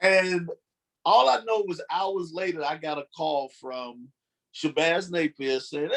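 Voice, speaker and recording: A man hosts a casual interview show in a relaxed, easygoing way. His voice is fairly high and gravelly with fry. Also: unhurried. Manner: relaxed, easygoing, friendly sign-off. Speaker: show host, basketball coach.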